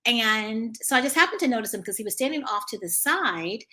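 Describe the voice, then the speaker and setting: A woman hosting a podcast, telling a story in a casual, animated way and repeating herself often. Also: a little fast. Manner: animated, voices quotes in a much higher pitch. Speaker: podcast host. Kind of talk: storytelling monologue.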